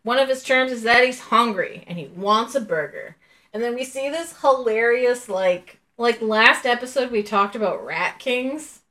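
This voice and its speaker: A woman's voice: on the high side, animated, moderate pace, sharp tone. A woman co-hosting a podcast, retelling a cartoon episode in casual chat, laughing often and using lots of fillers. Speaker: podcast co-host.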